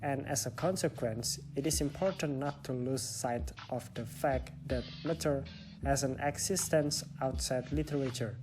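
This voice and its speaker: A man's voice: mid-range voice, moderate pace, music in the background. A young man with an Indonesian accent, a student presenting a stylistics lesson and explaining it step by step. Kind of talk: reading a class presentation.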